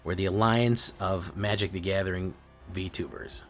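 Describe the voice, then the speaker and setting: Male streamer, low register, playful and teasing, chatty game commentary over soft music. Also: fairly even intonation, unhurried. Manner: playful, teasing, talks to viewers. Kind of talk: casual gameplay commentary to chat.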